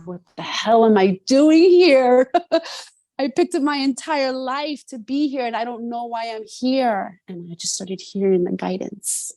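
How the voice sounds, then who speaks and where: An earnest middle-aged woman from New York City tells her story as a guest, her voice sitting a little low. She keeps checking in with a quick "right?". The sound is dry and close over a video call. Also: darkish tone, dry recording. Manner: earnest, often adds "right?". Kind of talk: reflective personal storytelling.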